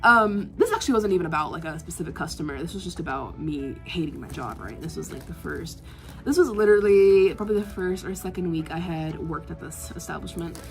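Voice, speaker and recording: A young woman vlogger telling a work story in casual chat, animated and exasperated, with lots of filler words and sighs. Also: on the low side, a little fast, soft background music. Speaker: art vlogger.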